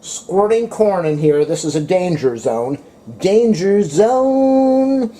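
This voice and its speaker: A man's voice: fairly high pitch, expressive, measured pace, mellow. A man chatting to his viewers in a casual home cooking vlog, talking to his dog between bites. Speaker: cooking vlogger.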